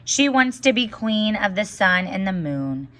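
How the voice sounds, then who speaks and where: A woman's voice: mid-range voice, big pitch swings, a little slow, a bit bright. A woman doing a meek kindly fisherman. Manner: meek, pleading. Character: timid kindly old fisherman.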